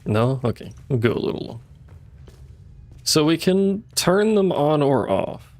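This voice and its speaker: Delivering live gameplay commentary, this streamer chats loosely with his audience, mutters to himself, and drops the occasional swear. He speaks at a measured pace in a voice on the high side, with big swings in pitch.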